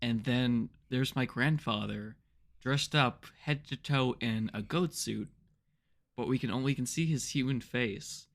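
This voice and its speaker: A young man co-hosting a podcast, improvising an absurd story in a deadpan way. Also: medium pitch, unhurried. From Canada. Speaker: podcast co-host.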